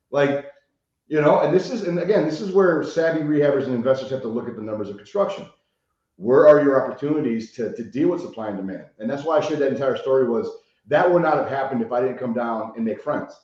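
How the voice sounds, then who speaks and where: A man from Chicago tells stories as a podcast guest, animated and profane, often checking in with "right?". His voice sits mid-range and rings in a very echoey room. The recording is dull and muffled. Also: medium pitch, quick pace. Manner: animated storyteller, swears freely, frequent "right?" tags. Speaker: guest, rehab consultant. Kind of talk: casual podcast interview.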